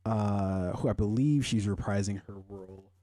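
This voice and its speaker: Young guy rambling on his podcast, cussing a lot, warm dark voice, dry close sound. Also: fairly low pitch, normal speed, no room sound. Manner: rambling, profane, swings into loud animated rants. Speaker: podcast host. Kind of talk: casual pop-culture chat.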